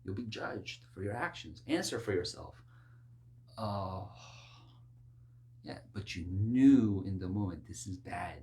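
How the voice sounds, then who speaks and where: A man preaching a sermon in an animated way, dropping to low murmurs and rising to high, insistent exclamations, with mocking asides. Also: slow pace, long pauses. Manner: mocking, acts out worldly voices.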